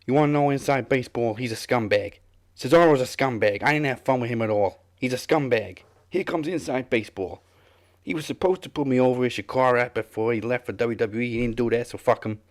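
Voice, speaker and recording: A man doing a brash wrestler with a thick Yonkers accent, barking a profane grudge promo. The voice is pushed up and loud, hot with anger throughout. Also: mid-range voice, fairly quick, pitched above the performer's own voice, natural voice. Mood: angry, ranting. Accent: Yonkers, New York. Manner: shouting, profane, confrontational.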